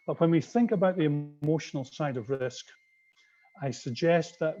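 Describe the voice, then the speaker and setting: This fairly high, warm male voice moves at a normal speed as he hesitantly runs a webinar on a video call, full of ums and false starts. He's from Scotland, with a slight accent, and the computer mic's call audio sounds muffled.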